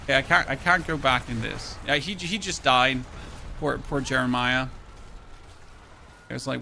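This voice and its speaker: Streaming a game, a man from Germany talks casually and rambles, frequently repeating words while reading out and thanking chat subscribers. His mid-range voice is creaky, pushed and bright, at normal speed with frequent pauses. Slight background noise is present.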